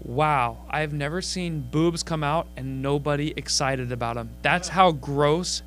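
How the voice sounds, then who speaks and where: A man telling comedy stories on a podcast, with a bright, forceful, fairly high voice. He jumps into other people's voices as he retells hecklers. A faint hum sits behind him. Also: unhurried. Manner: animated storyteller acting out hecklers. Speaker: guest comedian. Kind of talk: casual podcast chat.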